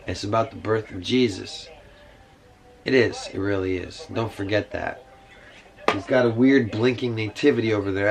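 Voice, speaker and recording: A man's voice: fairly low pitch, vocal fry, poor audio. A man rambling through a casual monologue to camera, meandering with many fillers and side remarks. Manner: meandering, full of fillers and asides. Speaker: vlogger. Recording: music playing behind.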